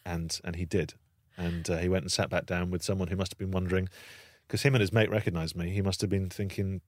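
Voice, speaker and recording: A British man telling a long anecdote in casual chat, lively and acting out the voices of the people in it. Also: low voice, fast, few pauses, no room sound, studio quality. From Britain. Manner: animated storytelling, acting out voices. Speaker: guest storyteller.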